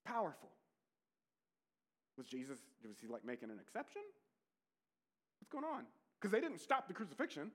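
Pastor, male, high voice, earnest sermon delivery with chatty asides. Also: wildly swooping pitch, normal speed, long pauses. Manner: earnest preaching, rising to emphatic peaks and dropping to quiet intensity; conversational asides with rhetorical questions.

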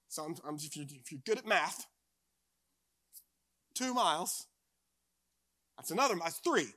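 Young pastor guy from eastern north carolina, high bright voice, preachy then chatty storyteller. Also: expressive, a little slow, pauses often, dry recording, clean studio sound. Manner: earnest preaching shifting to chatty, self-mocking storytelling. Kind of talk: sermon with personal storytelling.

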